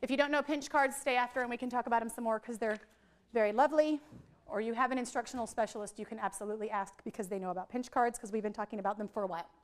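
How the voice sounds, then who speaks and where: A high-voiced woman runs a live workshop for teachers. She keeps it playful and jokes with the crowd in front of her. She also stretches out single speech sounds to demonstrate them. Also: steady tone, very fast. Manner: playful, joking with the audience, drawing out sounds. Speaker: literacy trainer presenting to teachers. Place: training room with a live audience.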